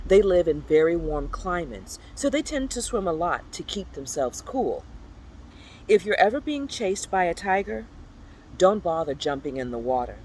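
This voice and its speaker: A storyteller reads a children's picture book aloud with a playful, animated delivery. The pitch swoops up and down, and now and then jumps into high, squeaky exclamations. Faint noise hums in the background. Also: low-quality recording.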